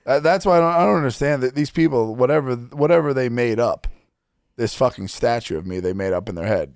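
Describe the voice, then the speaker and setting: A man's voice: mid-range voice, brisk, darkish tone, dry recording. A man hosting a podcast in casual banter, swearing a lot and joking boastfully, in a studio. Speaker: podcast host.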